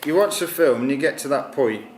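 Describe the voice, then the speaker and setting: A man's voice: mid-range voice, animated, a little fast. A man chatting animatedly as a film reviewer, swearing casually and slipping into silly voices. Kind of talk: casual chat. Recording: echoey room with faint noise.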